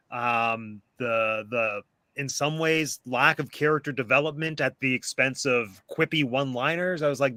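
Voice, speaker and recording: A man in his late thirties hosts a relaxed live discussion, talking over a video call. His voice is bright and forward, and the sound is dry with no room around it. He talks in a loose, chatty way, full of fillers. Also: medium pitch, dry recording. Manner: chatty, uses many fillers. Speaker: podcast host.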